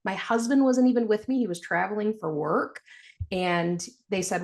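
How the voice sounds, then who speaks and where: A woman, a podcast guest, telling her story in a frank, animated way and laughing through hard memories. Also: lowish voice, normal speed, vocal fry. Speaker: podcast guest, financial planner. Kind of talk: candid storytelling interview.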